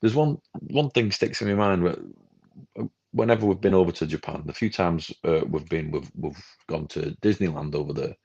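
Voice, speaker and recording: Gravelly man, podcast co-host, animated ranter, muffled stream audio. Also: low-pitched, moderate pace. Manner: animated, ranting, acts out quoted people. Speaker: film club co-host. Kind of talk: casual podcast chat. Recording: dull lo-fi livestream audio.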